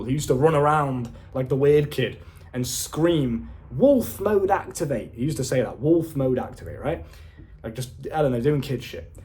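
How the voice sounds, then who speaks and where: A young man giving a casual motivational monologue as a self-improvement coach, blunt and swearing, telling stories with excitable energy. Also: medium pitch. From United Kingdom.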